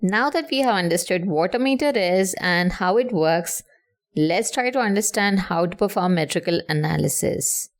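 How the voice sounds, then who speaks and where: A woman's voice: fairly low pitch, moderate pace. Patient woman teaching a lesson. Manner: clear, patient, stresses syllables to show rhythm. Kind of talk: explanatory lesson.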